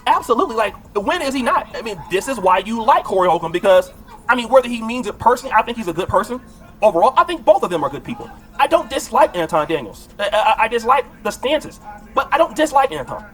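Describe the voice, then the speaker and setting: A woman's voice: on the high side, big pitch swings, quick pace. A woman giving opinion commentary, arguing her point with rhetorical questions. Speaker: political commentator.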